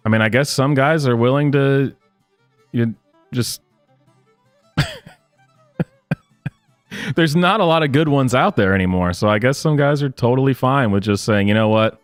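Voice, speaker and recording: A man's voice: mid-range voice, a little slow, pauses often, dry recording, soft background music. Sarcastic man doing reaction commentary. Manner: sarcastic, laughs at the clip. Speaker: commentary channel host.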